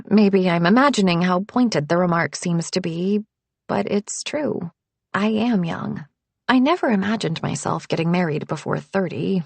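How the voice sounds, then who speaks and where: A woman reads a first-person novel aloud in a measured, intimate voice. Her tone is slightly husky with a gravelly edge, recorded dry and close. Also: lowish voice, dry recording. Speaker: audiobook narrator. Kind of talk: first-person audiobook narration.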